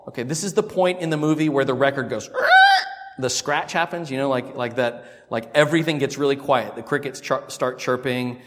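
Animated preacher man in a reverberant hall. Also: mid-range voice, a little fast. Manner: animated, conversational preaching with sudden loud and quiet swings. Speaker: pastor. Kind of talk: expository sermon.

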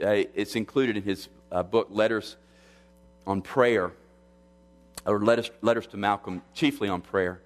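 A pastor preaching an expository sermon, measured and earnest, often restarting his phrases. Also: on the low side. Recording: long hall reverb.

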